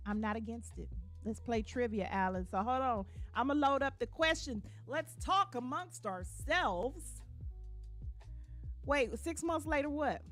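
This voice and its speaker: Chatty woman host, casual live-stream talk, fairly high voice. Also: lively intonation, measured pace, fairly bright tone, faint music behind. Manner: chatty, reads viewer comments aloud, drops to a low voice at times. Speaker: livestream host. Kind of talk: casual livestream chat with viewers.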